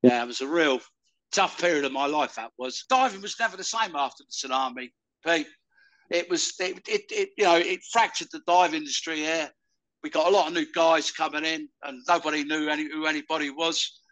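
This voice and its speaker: An older man from the UK, talking loudly and rambling in a casual interview. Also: fairly high pitch, brisk, poor audio. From United Kingdom. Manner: loud, rambling, calls the listener "mate". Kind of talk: casual conversation.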